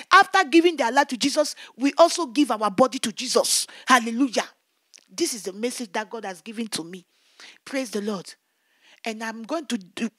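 A woman's voice: on the high side, a bit bright, dry recording, clean studio sound. A woman evangelist giving a fervent testimony sermon, repeating her exclamations of praise.

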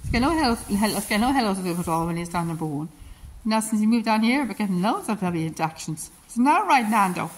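A woman at outdoor stud-farm stables, filming on a phone and chatting in a high sing-song coaxing voice, repeating herself to a horse and her viewers. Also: lively intonation, fast, a little hiss or hum, rough recording. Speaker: horse enthusiast filming a stallion visit. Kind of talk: casual vlog talk to a horse and viewers.

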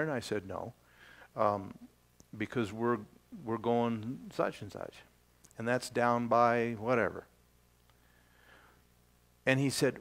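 Older guy pastor preaching, slow and easy, lots of pauses. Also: medium pitch, fairly bright tone. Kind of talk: sermon. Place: church.

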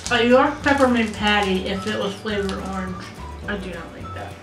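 A woman's voice: medium pitch, moderate pace. A young woman vlogging, chatting expressively and squeamishly while taste-testing snacks. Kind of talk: casual snack taste-test chat. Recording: echoey room with light music.

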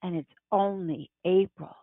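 A woman's voice: fairly low pitch, steady tone, a little slow, dry recording. A woman reading an audiobook, voicing an exasperated, worried mother of a family. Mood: fretful. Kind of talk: audiobook character voice. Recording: tinny phone-like dry sound.

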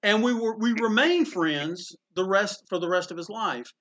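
A man's voice: high voice, moderate pace, fairly bright tone. A man casually telling a story, chatty and full of restarts and asides. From Greensboro, North Carolina. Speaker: comic book store owner telling a story. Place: inside a comic book store.

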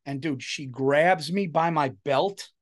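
A man hosting a podcast, telling stories in a loud, animated casual chat. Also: a little high, slow pace. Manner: loud, animated storytelling with frequent "dude". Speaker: podcast host. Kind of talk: casual comedic storytelling.

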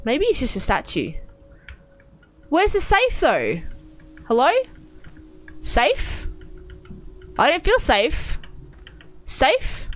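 Woman, gaming streamer, horror game commentary, jumpy, swears, talks to herself, lively pitch. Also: very slow, long pauses.

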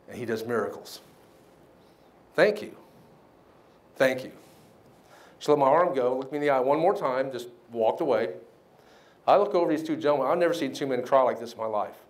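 A man giving a motivational banquet speech, telling his story with lively acted-out quotes. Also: fairly high pitch. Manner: animated storyteller, acts out quoted voices. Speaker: keynote speaker. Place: banquet hall.

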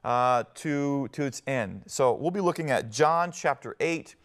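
A pastor giving a televised sermon in an earnest, conversational way, often pausing with fillers and restarting his phrases. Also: mid-range voice, lively intonation. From Northwest Ohio.

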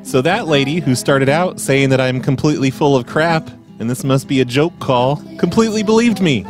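A man's voice: medium pitch, animated, normal speed, over music. Wry rambling man hosting a prank show. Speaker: prank call show host. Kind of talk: casual podcast narration.

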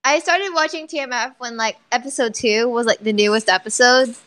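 A woman's voice: fairly high pitch, a little fast, a bit bright, low-quality recording. Chatty woman saying "like" a lot. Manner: chatty, heavy use of "like", laughs often. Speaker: channel host reading viewer questions. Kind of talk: casual chat.

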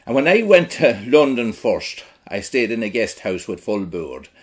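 A man's voice: medium pitch, very animated, normal speed, slightly rough. A middle-aged man with a rural Irish accent, performing a blunt, earthy one-man stage monologue. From Ireland. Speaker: actor in a one-man show. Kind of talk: theatrical monologue.

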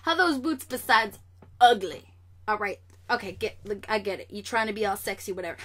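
A young woman vlogger chatting casually and sassily about comic news, animated and straight to the camera. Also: medium pitch, fairly quick.

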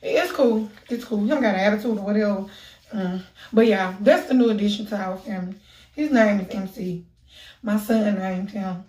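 A woman talking casually to her camera in a lively, animated way, swearing freely. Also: mid-range voice, normal speed. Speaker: vlogger. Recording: echoey room.

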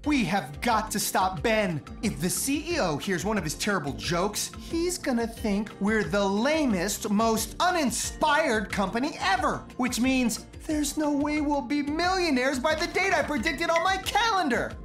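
A woman's voice: a little high, animated, soft background music. A woman voicing a scheming, ambitious male cat who talks bluntly in a cartoon. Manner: bossy, blunt, quick schemer.

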